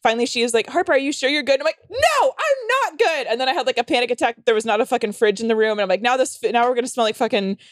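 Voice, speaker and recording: A young woman comedian spins a rambling, profane story on a podcast, packed with fillers and dramatic acted-out quotes. She talks at a rapid clip in a fairly high voice. The sound is close and dry. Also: steady tone, no echo. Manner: rambling, frequent "like" fillers, heavy swearing. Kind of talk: casual storytelling chat.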